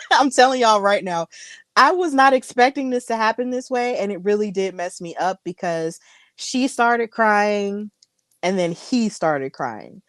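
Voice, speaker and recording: A woman's voice: mid-range voice, animated, measured pace, no echo, studio quality. A woman hosting a casual wrestling recap chat, telling the story in a gushing, emotional way. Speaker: host.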